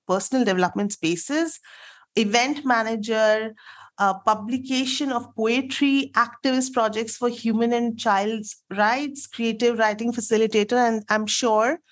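Nasal, croaky-voiced woman hosting a podcast. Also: a little high, steady tone, normal speed. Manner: bubbly, laughs often. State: croaky sore throat, nasal. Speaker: podcast host. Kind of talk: casual interview chat.

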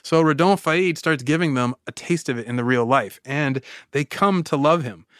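Animated male podcast storyteller. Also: a little high, moderate pace, smooth, no echo, clean studio sound. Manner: animated, laughs often, lots of "like". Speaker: podcast host. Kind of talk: casual storytelling chat.

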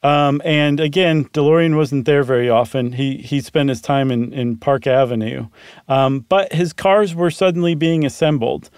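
Guy podcast host, kinda high voice, dry mic, chatty storytelling. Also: steady tone, moderate pace, a little mellow, clear, resonant tone, dry recording. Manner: conversational storytelling with frequent um fillers. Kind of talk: casual chat.

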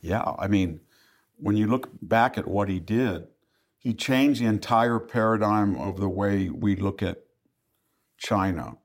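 Gravelly low-voiced older man. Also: a little slow. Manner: emphatic, fluent argument with quoted asides. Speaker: historian guest. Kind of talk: podcast interview.

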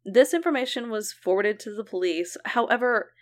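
A woman's voice: a little high, animated, moderate pace. A woman co-hosting a casual podcast, telling a true crime case, swearing and laughing easily. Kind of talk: casual chat.

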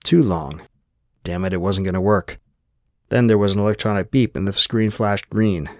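Here a man with a low-sitting voice narrates a novel for an audiobook, steady and measured throughout. The sound is close-miked and dry, with no trace of the room.

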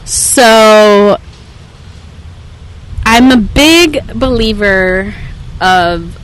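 A woman's voice: medium pitch, very slow, rough recording. A young woman, a therapist, talking candidly and with animation as a podcast guest. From United States. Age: young adult. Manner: candid, animated, mixes Spanish into English. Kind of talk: casual conversation.

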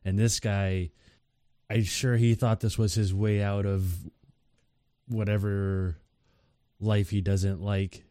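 Low-voiced, hesitant male co-host. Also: level tone, slow pace, pauses often, mellow, smooth, no echo. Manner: hesitant, stammering restarts, dry humor. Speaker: podcast co-host. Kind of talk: casual news chat.

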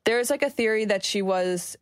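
A woman's voice: mid-range voice, moderate pace, clean tone, dry recording, studio quality. A woman co-hosting a podcast, snarky and opinionated, with rambling asides in casual chat. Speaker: podcast co-host.

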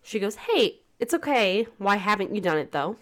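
On a casual talk podcast, a woman co-host with a fairly bright mid-range voice speaks earnestly at a moderate pace, her pitch swinging widely. When she reads text messages aloud, her delivery turns plain.

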